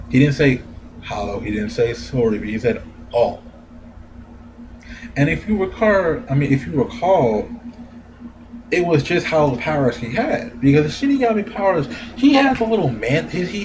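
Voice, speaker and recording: A man giving a casual, profane anime review rant, animated and laughing often. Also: medium pitch, noisy background. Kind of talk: casual ranting commentary.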